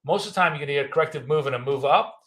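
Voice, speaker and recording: Speaking very fast in a slightly high, fairly bright voice, a trading educator offers casual, rambling live trading commentary, thinking aloud as he goes. He is in his fifties or older, a native Russian speaker with a Russian accent.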